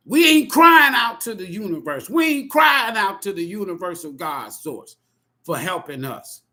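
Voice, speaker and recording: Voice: medium pitch, sharp tone. A tarot reader delivering an impassioned spoken monologue in a profane, emphatic, preachy way.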